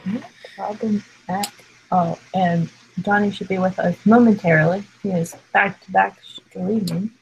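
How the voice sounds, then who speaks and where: A woman co-hosting a casual discussion, recapping in a relaxed way. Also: mid-range voice, a little slow, creaky, dull audio, slight background noise. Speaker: co-host.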